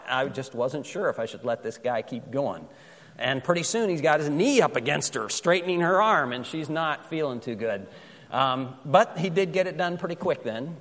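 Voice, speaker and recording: A man preaching a sermon as pastor, telling a story in a conversational way and reading scripture slowly and with care. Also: mid-range voice, a bit bright, in a large hall.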